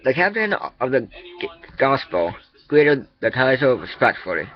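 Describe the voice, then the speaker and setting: A man's voice: mid-range voice, big pitch swings, unhurried, lo-fi sound. Man casually reading a forum roleplay. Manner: rambling, stumbling asides. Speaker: roleplay reader and channel host.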